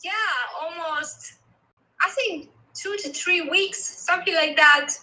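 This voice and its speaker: Soft-spoken woman, bright and high. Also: rough recording. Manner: soft-spoken and halting, full of "you know". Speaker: coaching client and guest. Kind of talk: casual interview.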